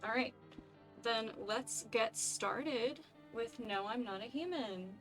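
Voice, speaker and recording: Woman streamer talking through a game, chatty and amused, fairly high voice, faint music behind. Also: takes it slowly, a bit bright. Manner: chatty, self-amused, laughs a lot. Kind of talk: casual let's-play commentary.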